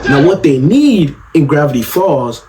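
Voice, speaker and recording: A young man doing comedic commentary in an animated, slangy way, often asking "you know what I'm saying". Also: fairly high pitch, a little slow, background noise. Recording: music playing under the voice.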